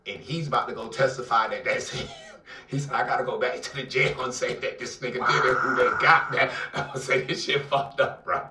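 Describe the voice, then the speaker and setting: A man with an Atlanta accent telling a dramatic personal story in an interview, acting out the voices and swinging between loud outbursts and near-whispers. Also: mid-range voice, steady tone, a little fast, slight background noise. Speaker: guest telling his life story. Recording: roomy, somewhat distant mic.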